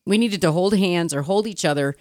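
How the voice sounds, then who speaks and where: Middle-aged female co-host, reflective and a little hesitant, low-ish voice, dry. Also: brisk, darkish tone, dry recording. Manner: earnest, reflective, a bit hesitant. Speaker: podcast co-host. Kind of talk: casual faith chat.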